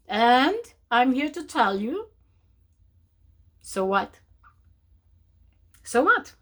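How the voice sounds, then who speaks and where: A woman hosting a spiritual talk show, speaking in an animated way to her viewers and often calling them darling. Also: fairly high pitch, extremely slow, pauses often. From from outside North America. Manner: animated, mocking voices of naysayers, calls listener darling. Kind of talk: motivational talk to camera.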